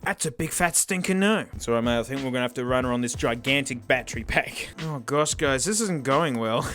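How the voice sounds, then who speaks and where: A man with a raspy, hoarse voice, unboxing a gadget in an excitable, mock-dramatic way. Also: medium pitch, brisk, soft background music. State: hoarse from yelling. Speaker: tech reviewer host. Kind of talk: casual gadget unboxing review.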